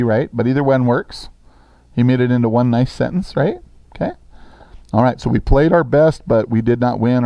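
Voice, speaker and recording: A middle-aged man with a mid-range voice teaches sixth graders a language lesson, reading sentences out slowly so they can copy them down. His manner is brisk and encouraging. There's no room sound, and the audio comes across dull.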